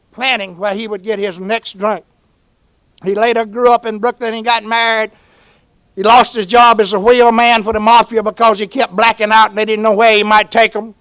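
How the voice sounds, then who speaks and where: A man's voice: high-pitched, fairly bright tone, clear, resonant tone, no room sound. A man with a Southern US accent gives a folksy, earnest personal testimony as a speaker at a recovery meeting. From Georgia, US.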